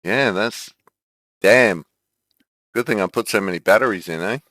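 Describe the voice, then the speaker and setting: A man's voice: fairly low pitch, normal speed, bright, forceful tone, no echo, clean studio sound. A man streaming a game, chatting casually, thinking aloud and laughing often. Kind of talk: casual gameplay chat.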